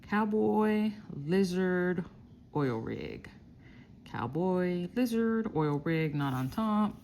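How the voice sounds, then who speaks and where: Slow, gravelly woman scratching tickets. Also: lowish voice, animated, a little mellow, slight background noise. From Texas. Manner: slow, reads out symbols one by one while scratching. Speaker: lottery scratch-off vlogger. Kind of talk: casual scratch-off vlog.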